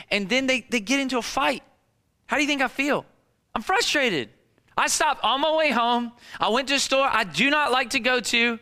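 A man in his thirties preaching a sermon, telling stories in an animated way and acting out the people in them in quick voices. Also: high-pitched, clean tone. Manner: animated storytelling, acts out disciples and kids in quick voices. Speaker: pastor.

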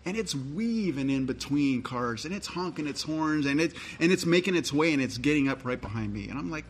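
A man's voice: a little high, fairly quick, few pauses, slight background noise. A middle-aged man, a pastor, preaching a sermon in a conversational storytelling way and reading scripture aloud.

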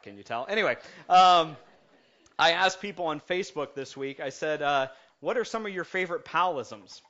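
A man preaching a lighthearted sermon as pastor, joking with his congregation before settling into calm, earnest preaching. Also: a little high. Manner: jokey and animated, then calm and earnest. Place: church sanctuary. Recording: muffled lo-fi sound.

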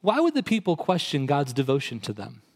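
A man's voice: huge pitch swings, a little fast. A male pastor preaching a sermon, explaining scripture conversationally and rising in intensity for emphasis. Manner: rises in pitch and intensity when quoting and emphasizing.

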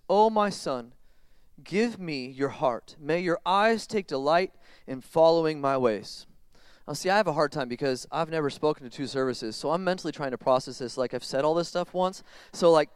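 A man in his thirties, a pastor, gives a sermon in a relaxed, conversational manner. His voice sits high and sounds smooth and crisp. The close mic picks up a dry sound with little room echo. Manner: conversational, animated, switches between quiet reflection and loud emphatic bursts. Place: church sanctuary.

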